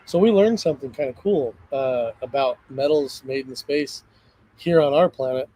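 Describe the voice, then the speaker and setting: A man's voice: medium pitch, normal speed, dark tone, low-quality recording. A man hosting a casual livestream chat, talking energetically and rambling about conspiracies. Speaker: host.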